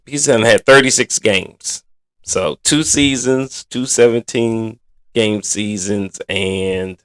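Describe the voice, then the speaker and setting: Slow-talking exasperated man on a podcast. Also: fairly low pitch, fairly bright tone, no echo. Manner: blunt and exasperated, colloquial slang. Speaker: podcast host. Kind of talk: casual sports podcast commentary.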